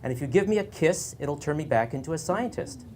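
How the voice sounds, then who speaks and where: A man's voice: a little high, expressive, a little fast, darkish tone, slight background noise, pitched above the performer's own voice. A man voicing a talking male frog who was once a scientist, eager and pleading in a joke told on stage.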